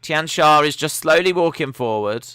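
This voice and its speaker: A young man talks over a live stream, chatty and openly opinionated, with a sarcastic edge. His voice sits a touch high and sounds bright and forceful. The recording is dry and close, with no room in it. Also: expressive, moderate pace, clear, resonant tone, no echo. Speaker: live stream watch-along host. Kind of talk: casual live commentary.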